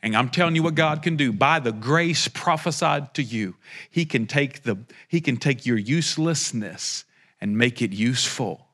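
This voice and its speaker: A man's voice: expressive, moderate pace, fairly bright tone. A man preaching a prophetic sermon, speaking directly to listeners with passion and joking asides. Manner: impassioned, joking asides, rising to a fervent pitch.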